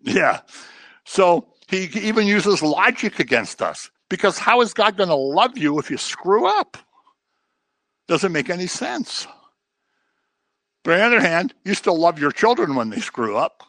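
Leading a relaxed Bible study, a middle-aged man speaks a little slowly in a sing-song, sharp-toned voice with no room sound. He repeats phrases to stress them and mimics other people in a low, mocking voice.

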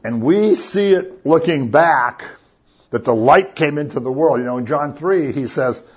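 Husky-voiced man preaching casually. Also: fairly high pitch, animated, measured pace, a little mellow, lo-fi sound. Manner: conversational, asks the listeners "right?" often. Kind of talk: casual sermon.

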